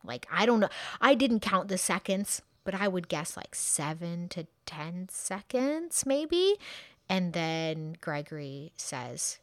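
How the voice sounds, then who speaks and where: A woman's voice: fairly low pitch, expressive, takes it slowly, a bit bright, no echo, studio quality. Chatty woman telling a true crime story. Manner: chatty, conversational, with frequent fillers and asides. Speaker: true crime podcast host.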